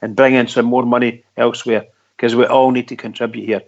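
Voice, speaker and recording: A man's voice: mid-range voice, level tone, fairly quick. A Scottish man calling into a radio show, talking earnestly and repeating himself. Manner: earnest, repeats himself, says wee and pal. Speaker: caller. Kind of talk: casual radio phone-in chat. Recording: lo-fi phone-in audio.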